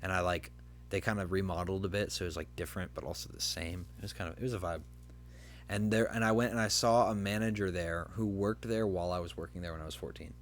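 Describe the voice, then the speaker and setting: Low-voiced young man rambling. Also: fairly even intonation, fast talker, soft background music. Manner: rambling, filler-heavy storytelling. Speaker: podcast host. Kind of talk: casual chat.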